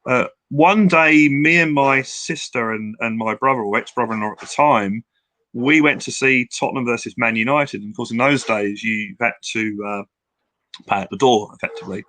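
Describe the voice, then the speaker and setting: A man's voice: mid-range voice, moderate pace, sharp tone, dry recording. An older man from England, a guest telling long, rambling stories with many restarts in a casual interview. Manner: rambling, reminiscing with restarts and acted-out quotes.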